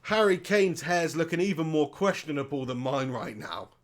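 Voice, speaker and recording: A man's voice: fairly high pitch, expressive, normal speed. A man hosting a live football watch-along, chatting casually, reading viewers' comments aloud, joking and laughing often. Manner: jokey banter, laughs often, reads chat aloud. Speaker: live stream host.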